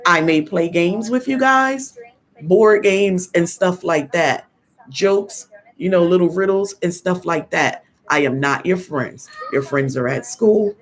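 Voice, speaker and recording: Older woman, grandmother, live stream host, firm and no-nonsense, somewhat low voice. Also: lively intonation, slow. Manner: firm, no-nonsense, storytelling with quoted dialogue. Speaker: host of a live parenting talk. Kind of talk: casual live-stream talk.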